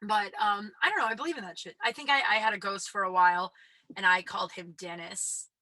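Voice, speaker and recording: A woman in her thirties with a deep voice, hosting a solo podcast in candid, rambling, sweary chat that often sinks to a whisper. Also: fairly quick, bright, forceful tone, no echo, poor audio. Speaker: podcast host.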